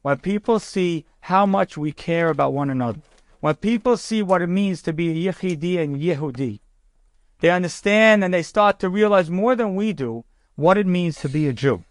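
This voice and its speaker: Man, rabbi, sermon story, high voice, dry close sound. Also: normal speed, no echo. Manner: conversational, animated storyteller.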